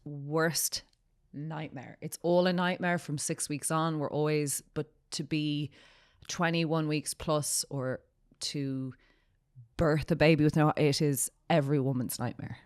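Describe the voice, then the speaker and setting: A woman hosting a podcast interview, gently affirming her guest and asking careful follow-up questions. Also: deep voice, steady tone, unhurried. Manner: gentle, affirming interviewer with frequent murmured agreement. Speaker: podcast host. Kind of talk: interview conversation.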